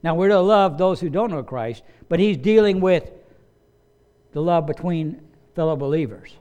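A male pastor preaches in a high, clear voice. His delivery is emphatic, and he drives points home by repeating key phrases. He breaks into quoted voices to act out scenes. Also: expressive, normal speed, darkish tone. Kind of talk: sermon.

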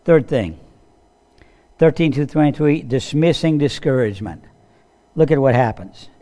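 A man's voice: medium pitch, expressive, measured pace, dark tone. A man preaching a sermon as a pastor. He tells Bible stories in a conversational way, asks the listeners questions and acts out the voices he quotes.

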